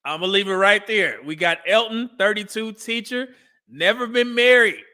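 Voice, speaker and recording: A man hosts a casual live stream and reacts to old dating show clips. His voice sits high for a man and sounds bright and forward. He laughs often and talks straight back at the screen. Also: normal speed.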